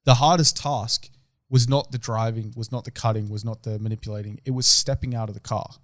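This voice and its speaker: A man's voice: mid-range voice, fairly even intonation, fairly quick, dry recording. Sweary young man, dry close mic. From Australia. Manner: rambling, sweary, trails off and drops his voice at phrase ends. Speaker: podcast co-host. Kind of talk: casual chat.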